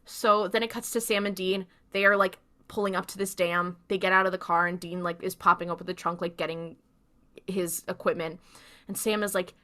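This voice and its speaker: A woman's voice: on the low side, little pitch movement, a little fast, pushed and bright. A woman podcast co-host casually recapping a TV episode, chatty, with lots of fillers. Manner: chatty, filler-heavy retelling with quoted lines.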